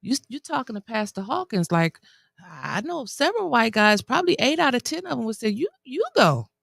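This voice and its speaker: A woman's voice: fairly high pitch, vocal fry, no echo, clean studio sound. A woman hosting a talk show, chatting casually and animatedly with her guest. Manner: lively, animated, quick to laugh and affirm. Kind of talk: casual interview chat.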